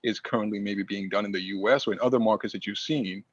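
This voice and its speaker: A man's voice: on the low side, fairly even intonation, quick pace, no echo. A man hosting an interview asks long rambling questions, often restarting his phrases. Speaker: podcast host. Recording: dull dry remote call audio.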